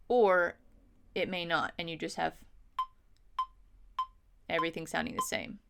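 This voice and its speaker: A woman's voice: on the low side, measured pace, vocal fry, pauses often, very noisy. Patient woman teaching music theory. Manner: patient, counts beats aloud and checks in with "okay?". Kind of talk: instructional lesson.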